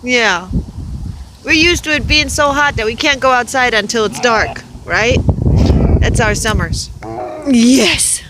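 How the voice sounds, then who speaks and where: A woman's voice: a little high, slow pace. A woman from Arizona chatting outdoors on a windy day, cooing to her pet goose in sing-song baby talk. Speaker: pet goose owner vlogging. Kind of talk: casual chat to camera and pet. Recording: wind noise outdoors. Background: wind gusts.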